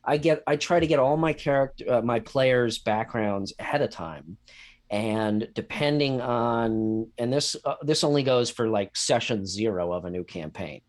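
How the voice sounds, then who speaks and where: A man's voice: mid-range voice, moderate pace. A man co-hosting a podcast as a game master, hedging his answers and drifting into tangents in casual chat. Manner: hedging, tangent-prone, self-deprecating.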